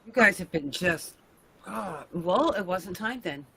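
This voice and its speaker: A middle-aged woman hosting a casual video-call chat, animated and laughing, with mock-exasperated asides. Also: fairly low pitch, unhurried, crowd noise, rough recording. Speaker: host.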